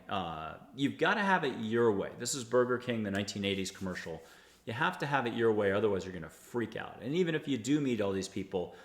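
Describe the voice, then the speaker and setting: Lowish-voiced american guy rambling on about spirit stuff, echoey room over a video call. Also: creaky, a bit bright. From United States. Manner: rambling and enthusiastic, guiding listeners through exercises. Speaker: host. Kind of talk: casual spiritual talk.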